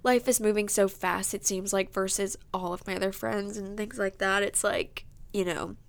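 A woman's voice: mid-range voice, fairly even intonation, moderate pace, gravelly. A woman in her early twenties hosting a podcast, talking in a heartfelt, emotional way, sniffling and close to tears, with many fillers. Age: 20s. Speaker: podcast host. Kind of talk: casual heartfelt monologue.

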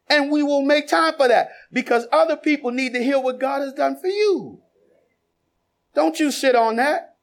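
A man a sermon, quizzing the congregation and then building to shouted exhortation. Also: very high voice, moderate pace. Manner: builds from conversational questioning to shouted preaching. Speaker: preacher. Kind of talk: sermon with congregation call-and-response.

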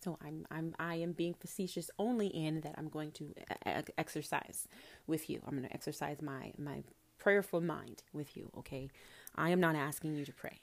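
A woman's voice: low-pitched, normal speed, vocal fry. A woman calling herself a prophetess gives a casual spiritual talk to the camera. She is intimate and coaxing, calls the listener honey, swears casually and sometimes drops to a whisper. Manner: drops into soft whispers at times. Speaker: self-described prophetess.

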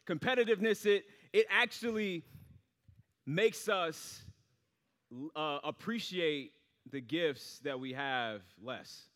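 Speaking slowly in a fairly bright voice that sits a bit high for a man, a young preacher relates a story in a loose, rambling style full of fillers. Each phrase echoes with a long hall reverb.

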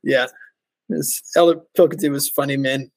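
A man guest on a podcast, chatting and telling stories in an animated way, laughing often and acting out what others said. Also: on the high side, normal speed, creaky, no echo, rough recording. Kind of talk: casual storytelling chat.

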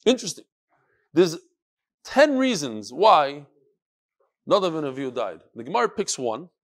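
Animated man teaching a Talmud class. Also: a little high, moderate pace. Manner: animated, sing-song study cadence mixing Hebrew and Yiddish terms.

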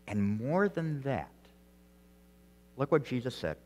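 A man's voice: mid-range voice, big pitch swings, slow, long pauses. Man preaching in a reverberant hall. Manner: earnest preaching with frequent restarts and strong swings in loudness. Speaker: pastor. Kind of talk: sermon.

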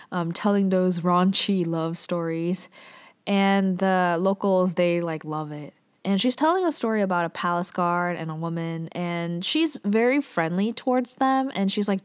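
A woman casually recapping a drama episode, chatty and loose, full of fillers and playful asides. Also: medium pitch.

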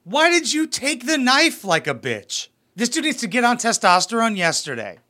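A young man riffs on reality TV clips with crude, mocking humor. His voice sits high and bright and leaps around with exaggerated emphasis. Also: normal speed. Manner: mocking, profane, animated. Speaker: reaction commentator. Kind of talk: crude comedic reaction commentary.

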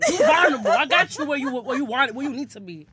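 A woman's voice: high-pitched, animated, fast talker, fairly bright tone. A brash young woman from the New York area, a podcast guest talking crudely and boastfully and acting out her own lines. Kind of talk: explicit casual chat.

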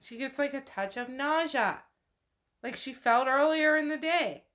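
A woman's voice: sits high, expressive, a little slow, fairly bright tone. A woman podcast host casually retelling a novel chapter, chatty and swearing freely as she narrates what the characters do. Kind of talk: casual book recap.

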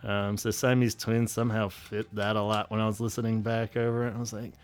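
A man's voice: fairly low pitch, little pitch movement, fairly quick. A man in his thirties co-hosting a podcast, chatting casually and rambling, laughing often and swearing freely. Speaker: podcast co-host. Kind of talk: casual chat.

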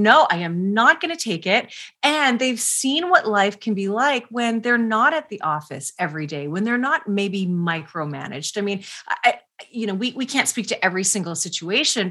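A woman's voice: on the high side, bright, forceful tone, slightly rough. A middle-aged woman speaking as a parenting expert guest in an interview, earnest and passionate with emphatic repetition. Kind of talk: conversational interview.

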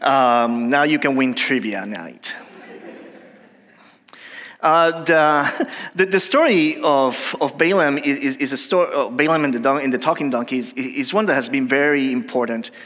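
A male pastor preaching a sermon in a halting, conversational way, full of pauses and restarts. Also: medium pitch, fairly bright tone, in a large hall. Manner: hesitant, many fillers and restarts.

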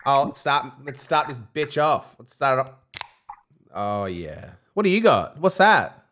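A man hosting a casual podcast, telling animated stories and acting out loud shrieks. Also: medium pitch, a little slow. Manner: lively storyteller who acts out shrieks. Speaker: podcast host. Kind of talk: casual chat.

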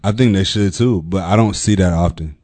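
A man's voice: sits low, brisk, darkish tone, no echo. A man in casual basketball chat, emphatic and laughing as he makes his points. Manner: emphatic, laughs while talking.

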